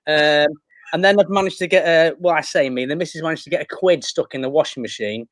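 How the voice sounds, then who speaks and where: A man's voice: a little high, fast talker, no room sound. Self-mocking man with a Manchester accent. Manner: self-deprecating, rambling anecdotes. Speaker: guest, actor. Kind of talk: casual chat.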